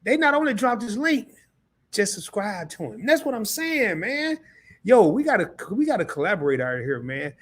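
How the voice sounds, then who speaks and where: A man with a slightly high voice hosts a casual live stream, speaking straight to his viewers. He is excitable and keeps repeating himself and starting his sentences over. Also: moderate pace, breathy edge. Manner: excitable, talks straight to the chat; repeats himself, restarts often.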